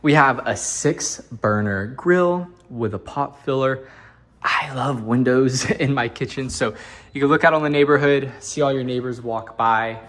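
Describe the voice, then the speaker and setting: A man's voice: medium pitch, unhurried, fairly bright tone. A man working as a real estate agent, walking through an empty house and narrating the tour in a chatty, upbeat way with jokey asides.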